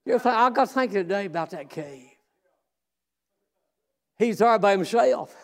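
A man preaching a fervent sermon in a strikingly high voice. He talks slowly in folksy, plain speech and drags out his words. He breaks often into shouts and long, drawn-out exclamations. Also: expressive.

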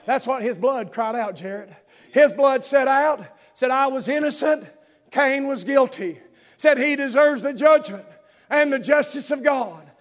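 A man preaching a sermon in an impassioned way, moving from soft, close talk to fervent, shouted cadences. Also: extremely high pitch, a little slow.

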